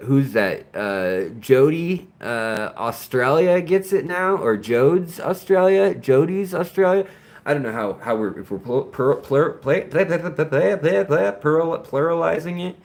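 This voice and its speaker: A man hosting a casual livestream, chatting to viewers in a rambling, animated way and tripping over their names. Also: mid-range voice. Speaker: livestream host.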